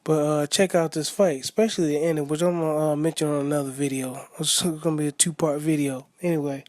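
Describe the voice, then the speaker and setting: A man's voice: fairly high pitch, fairly even intonation, quick pace, darkish tone, no echo. A man giving a casual, rambling monologue, full of fillers and restarts. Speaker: boxing commentator vlogger.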